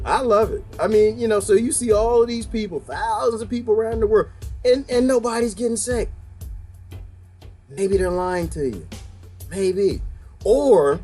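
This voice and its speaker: A man's voice: high-pitched, a little mellow. A man hosting his own video, talking in a rambling, wry casual monologue and laughing often. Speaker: video host.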